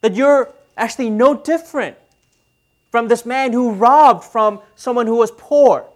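Man in his thirties, pastor delivering a relaxed, chatty sermon with questions to the room. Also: very high voice, unhurried. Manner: conversational, asks the audience questions.

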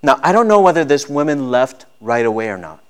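Man, pastor, sermon, earnest, emphatic peaks, smooth clear voice. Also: mid-range voice, sing-song, a little fast.

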